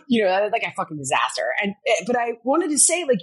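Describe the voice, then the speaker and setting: A middle-aged woman with a slightly husky voice, telling stories as an interview guest. Her pitch swings widely as she acts out every quote, sitting a touch higher than most women's. She swears casually and laughs often. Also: big pitch swings, brisk. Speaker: guest, fitness personality.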